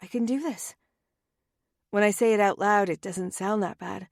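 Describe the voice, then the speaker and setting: A woman narrating a first-person romance audiobook in a wry, anxious and often hushed manner, on a close studio mic. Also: mid-range voice, normal speed, no echo.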